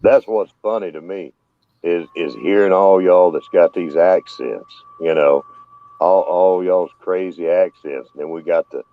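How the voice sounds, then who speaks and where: A man's voice: deep voice, unhurried, slight background noise. A man with a Southern US accent hosting a casual live-stream chat, telling rambling stories. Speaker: host. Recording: dull lo-fi dry sound.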